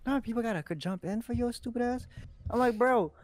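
A man's voice: extremely high pitch, fast talker, darkish tone. A young man, a podcast co-host, joking and teasing with profanity in casual banter.

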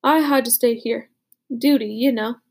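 A woman voicing a rough, blunt teenage boy soldier, once a bully, in an audiobook. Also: fairly high pitch, steady tone, moderate pace. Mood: gruff.

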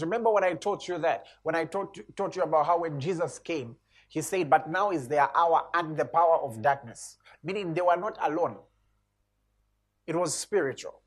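A man's voice: a little high, normal speed, breathy edge. A man preaching a sermon, reading scripture with rising emphasis and explaining it to the congregation.

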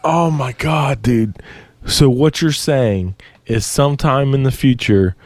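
A man talks animatedly on a podcast, swearing freely and playing up mock panic. His voice sits at a middle pitch. It is recorded dry and close, with no room sound. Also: takes it slowly, no echo. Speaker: podcast co-host. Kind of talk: casual chat.

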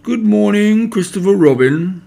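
A man voicing a gloomy, solemn old male donkey in a storybook reading, speaking slowly in a husky voice. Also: high-pitched, animated, mellow, pitched above the performer's own voice, exaggerated voice. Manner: slow, drawn-out, self-important speech. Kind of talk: storybook character voice.

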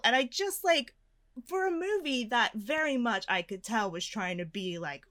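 A woman in casual podcast chat, animated and ranting, often laughing. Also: on the high side, normal speed. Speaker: podcast co-host reviewing a film.

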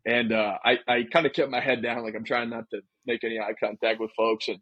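Chatty man with a husky voice. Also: mid-range voice, level tone, brisk, no room sound, dull audio. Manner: chatty storyteller, laid-back. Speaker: podcast co-host. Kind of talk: casual chat.

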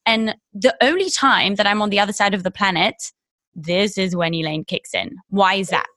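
A woman's voice: mid-range voice, normal speed, a bit bright. A young woman co-hosting a podcast over a video call, sarcastic and swearing a lot in casual chat. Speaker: podcast co-host.

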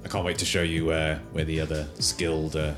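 A brash male city guard who snaps out questions and demands answers. A game master puts him on, raising a naturally deep voice well above his usual register. A music bed runs under the tabletop game recording. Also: level tone, brisk. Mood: friendly. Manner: barking, loud questions. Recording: music playing behind.

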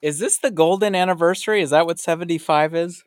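A man's voice: fairly high pitch, fast. A man co-hosting a casual podcast, answering with dry jokes. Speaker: podcast co-host.

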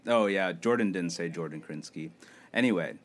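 A man's voice: low-pitched, normal speed. A man co-hosting a podcast in casual chat, complaining in a ranting way. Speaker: podcast co-host.

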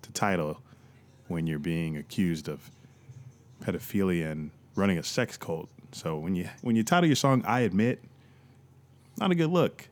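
A man's voice: low voice, moderate pace. A young man co-hosting a podcast, chatting casually with loose, profane jokes. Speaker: podcast co-host. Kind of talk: casual chat.

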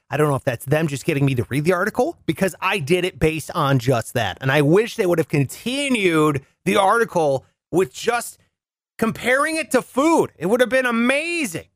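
A man's voice: fairly bright tone, no room sound, clean studio sound. A man hosting a comedy news show, riffing sarcastically on the stories. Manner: riffing, sarcastic, jumps in pitch for jokes.

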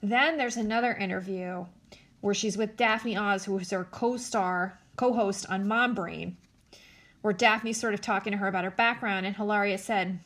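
A woman's voice: mid-range voice, fairly even intonation, normal speed, a bit bright. Blunt, sarcastic woman host. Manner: blunt, sarcastic, swears freely. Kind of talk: casual commentary.

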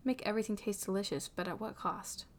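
A woman's voice: medium pitch, fast talker, close to an everyday voice. A woman voicing an easygoing young man who teases and laughs while chatting, read from a fan story. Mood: teasing. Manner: playful, laughing and teasing.

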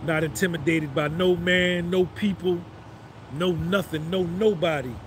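A man in his fifties brags through a motivational rant on a live phone stream, with a fairly high voice. He swaggers and hammers each point by repeating it. Faint street traffic hums behind him outdoors. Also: steady tone, measured pace. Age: 50s. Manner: swaggering, repeats phrases for emphasis. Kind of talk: boastful motivational monologue.

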